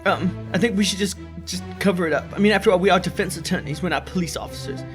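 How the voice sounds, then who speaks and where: A man's voice: high voice, quick pace, over music. A man casually commenting on a game and reading the hero's lines aloud. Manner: animated, chatty, reads lines aloud. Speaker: let's play host.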